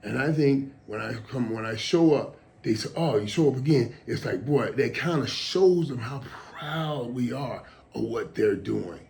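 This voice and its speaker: Man, casual solo talk, rambling, emotional, mid pitch. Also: measured pace, vocal fry, few pauses, a little mellow. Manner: emotional, rambling, repeats words. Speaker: show host.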